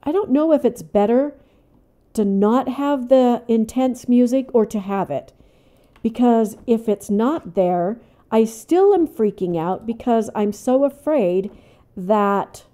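An older woman hosting a gaming channel, talking herself through a tense game in casual commentary, dropping to hushed whispers and then bursting out loud. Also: medium pitch. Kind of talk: casual let's-play commentary.

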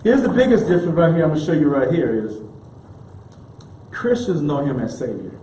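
Preacher in an echoey hall. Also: male voice, fairly high pitch, very animated, fairly quick, warm tone. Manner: emphatic preaching with repeated refrains; casual colloquial delivery. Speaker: minister. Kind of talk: sermon. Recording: echoey room with faint background noise.

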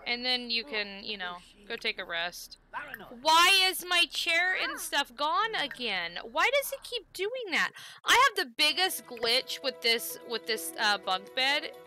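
A woman's voice: sits high, big pitch swings, unhurried, pushed and bright, soft background music. A woman streaming a life-sim game, chatting casually and coaxing the characters on screen. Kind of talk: casual gameplay commentary.

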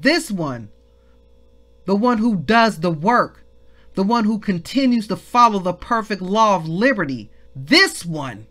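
Lively woman preaching a Bible devotional. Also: mid-range voice, a little slow. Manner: exclaims, asks the listeners questions, repeats phrases. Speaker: ministry leader teaching scripture.

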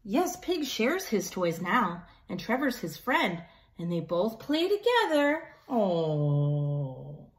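A woman teacher reading a picture book aloud to children in an animated way, pausing to ask them questions. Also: fairly high pitch. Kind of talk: children's story time.

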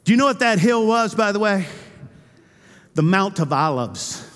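A male pastor preaching a sermon with passion, moving between loud cries and hushed, intimate lines. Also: high-pitched, lively intonation, normal speed. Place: church sanctuary. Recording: church hall with long reverb.

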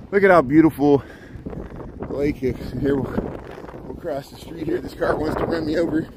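A man live-streaming a city walk, chatting casually to viewers and greeting them by name, a little out of breath from walking and talking. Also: on the high side. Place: outdoors on city streets and park paths. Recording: wind noise on the mic outdoors. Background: traffic and wind.

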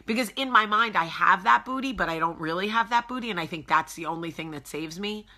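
A chatty woman in her forties hosts a casual morning live chat from her home. She greets viewers one by one, and her fairly low voice has a bright, forceful edge. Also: brisk. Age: 40s. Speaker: host.

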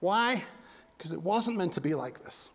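In a church sanctuary with long, echoing reverb, a high-voiced pastor delivers an impassioned sermon. His intonation is lively and his pace measured, his volume rising loud and dropping to a hush.

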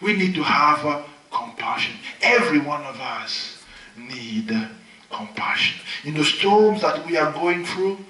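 Male preacher with a higher, bright voice who swings from loud, high exclamations to hushed lows, recorded from a distance in a reverberant hall. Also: lively intonation, a little slow, soft background music. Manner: dramatic swings from loud high exclamations to soft low murmurs. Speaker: pastor. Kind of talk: sermon. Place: large hall at a healing crusade. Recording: echoey hall, mic at a distance.

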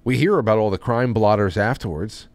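Man, podcast host, casual chat, rambling, lowish pitch. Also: a little fast. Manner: rambling, with frequent restarts and trailing off.

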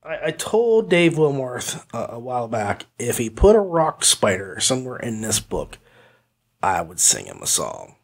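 A man's voice: mid-range voice, wildly swooping pitch, a little slow, gravelly. A man hosting an audiobook review podcast, talking casually in a rambling, goofy way. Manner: rambling, goofy, with hummed pretend music. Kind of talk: casual chat.

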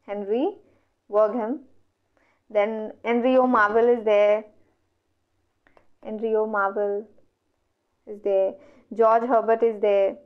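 A woman's voice: mid-range voice, level tone, takes it slowly, pauses often. A woman with an Indian English accent teaching an online exam revision lecture, working through questions step by step and asking herself questions that she then answers. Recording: dull lo-fi audio.

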